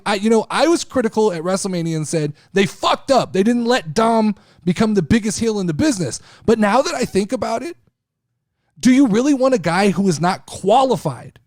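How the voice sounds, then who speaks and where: A man hosting a casual wrestling talk show, speaking in an animated, profane way. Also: high-pitched, dry recording, studio quality. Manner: animated, profane, mimics people he talks about. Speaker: podcast host.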